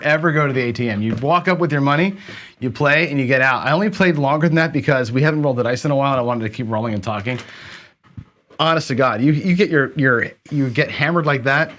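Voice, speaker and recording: A man hosting a gambling channel talks loosely into a desk mic as he plays, in an ordinary middle-pitched voice. He is chatty and self-correcting, repeating words for emphasis. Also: fairly bright tone. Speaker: craps channel host. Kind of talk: casual livestream commentary on a dice game.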